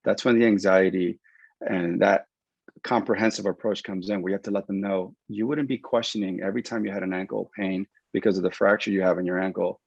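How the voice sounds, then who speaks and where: A man working as a concussion rehab clinician, giving an animated explanatory webinar talk over a video call. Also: low voice, brisk, creaky, no room sound. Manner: animated, explanatory, acts out patient quotes. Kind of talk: webinar presentation. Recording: dull lo-fi dry webinar audio.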